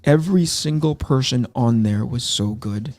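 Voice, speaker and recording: On a launch stream, a fiftysomething man casually recounts his early career with candid, self-deprecating anecdotes and frequent restarts. His mid-range voice is a little mellow, moving at a moderate pace.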